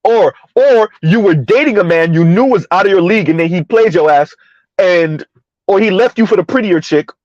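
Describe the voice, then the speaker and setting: A man's voice: sits high, moderate pace, darkish tone, no room sound, dull audio. A man giving heated, mocking commentary in a ranting style, his voice jumping up sharply for emphasis. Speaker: online commentator.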